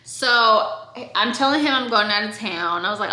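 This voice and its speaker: A young woman from Oregon telling a storytime to her viewers in a chatty, animated way, speaking straight to the audience. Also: medium pitch, normal speed. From Oregon, USA. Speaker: vlogger. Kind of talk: casual storytime. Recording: echoey room.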